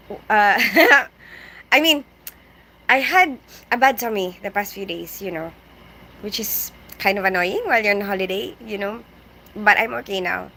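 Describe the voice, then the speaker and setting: A woman's voice: medium pitch, pushed and bright. A woman in her thirties with a mixed Filipino and British English accent, chatting casually on a livestream, rambling and laughing as she reads comments. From Philippines. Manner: chatty, rambling, laughs often, mixes in Tagalog. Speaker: livestream vlogger. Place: on a bed indoors, keeping quiet. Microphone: phone without headphones.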